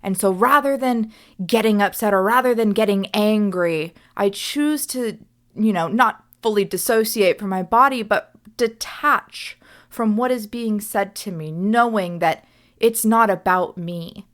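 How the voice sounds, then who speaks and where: A woman's voice: medium pitch, measured pace. A young woman hosting a reflective solo podcast as a coach, speaking earnestly and often checking in with "right?".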